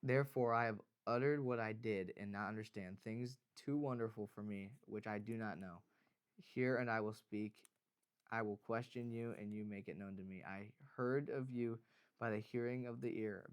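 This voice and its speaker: A man's voice: lowish voice, moderate pace, smooth. Casual man reading scripture in chat. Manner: animated, reads scripture aloud with frequent laughs and fillers. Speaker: podcast co-host. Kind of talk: casual Bible study chat.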